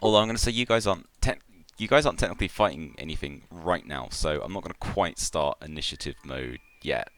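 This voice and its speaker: A man running a tabletop game as game master, giving halting, meandering descriptions of the scene. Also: a bass voice, expressive, fairly bright tone.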